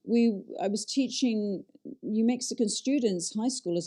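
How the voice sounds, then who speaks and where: A woman speaking casually in an interview about theater work, with a mellow, darker tone. She talks in a chatty, animated way, circling back with fillers and restarts. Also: mid-range voice, measured pace. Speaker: director and acting teacher.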